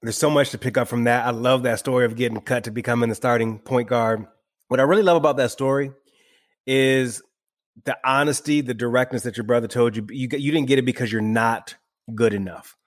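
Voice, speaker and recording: Fast-talking enthusiastic male podcast host. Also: medium pitch, steady tone, dry recording, clean studio sound. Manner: enthusiastic, conversational, asks reflective questions. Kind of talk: casual interview chat.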